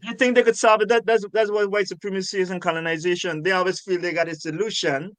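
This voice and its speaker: A man's voice: sits high, fairly even intonation, fast talker, fairly bright tone, no echo. An older man from Guyana, an urban farmer talking as an interview guest, speaking passionately and emphatically, often repeating words to stress a point. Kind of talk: conversational interview.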